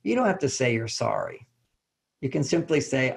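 Gravelly older man giving animated relationship advice. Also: moderate pace. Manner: animated, acts out little dialogues in higher voices, chuckles often. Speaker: relationship author and expert. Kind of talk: conversational advice interview.

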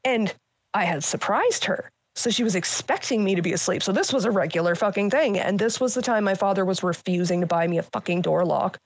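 A woman's voice: mid-range voice, animated, fairly quick, dry recording. A woman in her thirties recounting painful family memories as a guest, blunt and candid, swearing often, with many fillers. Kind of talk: candid personal storytelling.

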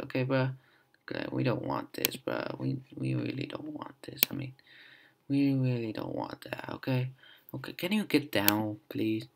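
Young man, casual game commentary, lively pitch, slow pace, frustrated muttering and whispering. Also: creaky, slight background noise. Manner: frustrated muttering, swings between loud outbursts and quiet whispers. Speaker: gaming video host.

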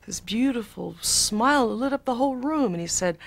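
A woman's voice: fairly high pitch, expressive, normal speed, vocal fry, few pauses. A woman in an archive interview, telling her story with breathless wonder.

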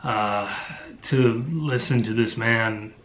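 A man's voice: mid-range voice, slow, fairly bright tone, a little hiss or hum. A man giving casual audiobook reviews, blunt and exasperated, with lots of ums and uhs. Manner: blunt, exasperated, with many fillers. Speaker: book reviewer.

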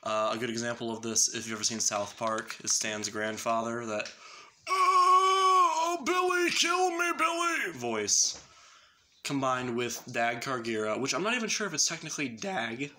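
A man's voice: medium pitch, moderate pace, pushed and bright, a little hiss or hum. A man casually explaining extreme metal vocal technique in a loose, rambling way, with lots of fillers. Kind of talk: casual spoken tutorial.

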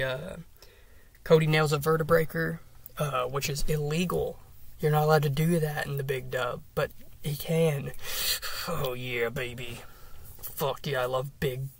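Recorded dry and somewhat far from the mic, a young man with a creaky, slightly high voice hosts a solo podcast. He rants with gusto, swearing often and leaning on filler words as he rambles.

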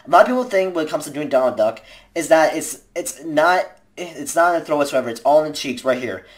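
A woman's voice: deep voice, animated, a little fast. A young woman giving casual, rambling tips to viewers in a home video, with lots of fillers and restarts. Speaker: vlogger.

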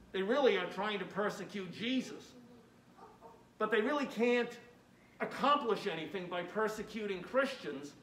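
A male pastor delivers a sermon in a high voice, reading scripture with rising emphasis and then explaining it plainly. He often says "uh" between phrases. The church room echoes, and he sounds far from the mic. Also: a bit bright. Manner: uses fillers like "uh" often. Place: church sanctuary.

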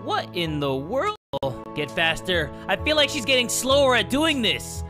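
A man giving excitable let's-play commentary, swearing often and breaking into shouts and laughter. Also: high voice, measured pace, over music. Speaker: gaming YouTuber.

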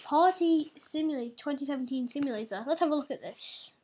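Young woman, high voice, giggly, teasing, casual gaming chat. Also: quick pace, a little mellow, slight background noise. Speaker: gaming channel host.

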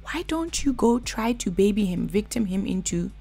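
Blunt chatty woman with a gravelly edge. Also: mid-range voice, animated, normal speed, mellow, soft background music. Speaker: reality TV reviewer. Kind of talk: casual reaction commentary.

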